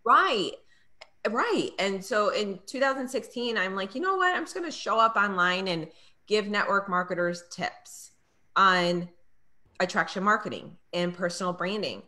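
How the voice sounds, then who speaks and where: A middle-aged woman, a network marketing trainer, is a guest in a casual interview, telling stories and acting out things she once said. Her mid-range voice is bright and forceful, at a normal speed.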